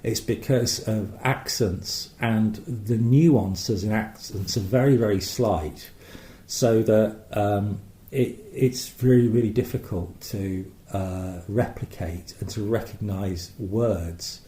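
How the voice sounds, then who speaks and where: A man's voice: lowish voice, dark tone. Rambling man in an echoey room. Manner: rambling, halting, with many fillers. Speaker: podcast co-host. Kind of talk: casual chat.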